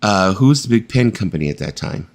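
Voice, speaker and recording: Brief: male stream host, jokey, laughs easily, low and animated. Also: quick pace, creaky. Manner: joking, laughs often, animated. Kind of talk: casual live-stream chat.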